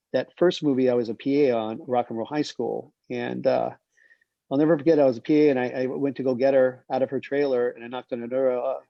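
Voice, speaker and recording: A man's voice: mid-range voice, creaky, dry recording. A man in his sixties, a film director, telling rambling career anecdotes and acting out the quoted dialogue. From United States. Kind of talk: casual anecdotal storytelling. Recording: dull lo-fi sound.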